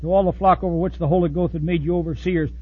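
A man preaching with a high, husky voice, blunt and folksy. He jumps from loud outbursts to quiet asides. The recording sounds dull and lo-fi. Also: fairly even intonation, quick pace. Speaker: pastor. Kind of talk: sermon.

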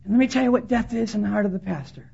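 Racing through her impassioned sermon, a woman preacher in a conference hall has a warm, medium-pitched voice that's creaky with a breathy edge. She dramatizes quoted voices and urges the audience to listen, all on a dull lo-fi recording.

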